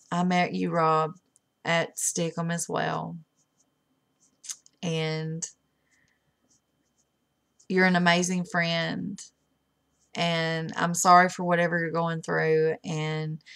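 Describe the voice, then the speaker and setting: A middle-aged woman speaks in a low voice with a gravelly edge. She says a heartfelt, halting goodbye to the friends she made online, pausing often as she fights back tears. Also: fairly bright tone. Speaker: webcam streamer. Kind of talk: emotional farewell message.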